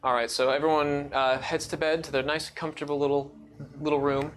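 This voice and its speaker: A man's voice: on the high side, level tone, fairly quick. A man running a tabletop game as dungeon master, talking casually with lots of fillers and restarts.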